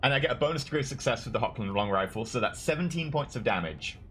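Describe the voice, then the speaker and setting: A man's voice: medium pitch, lively intonation, fast, a bit bright, a little hiss or hum. A man playing a tabletop role-playing game, patiently explaining rules and reading them out in casual chat. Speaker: player.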